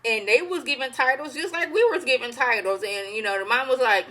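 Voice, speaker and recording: A woman chatting through a show recap with a bright, forceful tone and a slightly high voice. She tells it loosely and animatedly, full of slang and asides, as if gossiping with a friend. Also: brisk, low-quality recording. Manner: animated, slangy storytelling, acts out characters. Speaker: TV show reviewer. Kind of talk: casual spoken recap.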